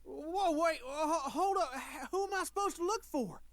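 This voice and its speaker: A woman's voice: extremely high pitch, moderate pace, dry recording. A woman voicing a flustered young game character who stammers as she calls after someone.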